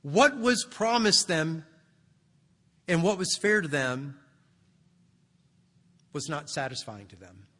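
Male preacher, high voice, bright tone, conversational sermon, long church reverb. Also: sing-song, slow pace, pauses often. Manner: conversational, explanatory. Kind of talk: expository sermon.

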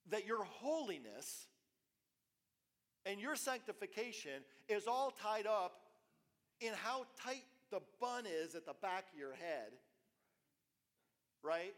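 A male pastor delivering a sermon in a fairly high voice, swinging from emphatic bursts to hushed asides and repeating himself as he builds a point. His words ring out with a long reverb through a church hall. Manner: animated preaching with repetitions and sudden soft drops.

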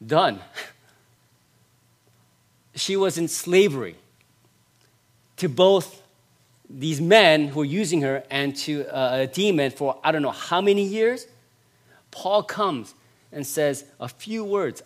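Man, pastor, sermon, emphatic repetition, fairly high-pitched voice, loud then hushed. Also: lively intonation, takes it slowly, long pauses. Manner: emphatic, repeats phrases for stress; dramatic swings from loud to hushed.

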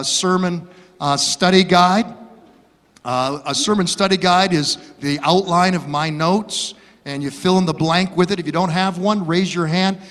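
A pastor in his fifties preaches an earnest, folksy sermon. He speaks in a high, bright voice at an unhurried pace. A long reverb from the church hall trails his words. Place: church sanctuary.

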